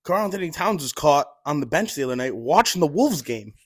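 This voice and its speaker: A man telling stories in casual chat, animated, swearing and laughing as he goes. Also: fairly high pitch, a little fast, slightly rough, dry recording. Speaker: podcast guest telling stories.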